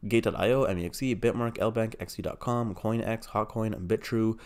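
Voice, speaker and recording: Crypto guy hyping coins, swears a lot, kinda low voice, goofy put-on accent. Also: fairly even intonation, moderate pace, a little mellow. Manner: brash, profane, hyped-up; puts on an unnamed mock accent. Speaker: crypto channel host. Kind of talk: casual hype commentary.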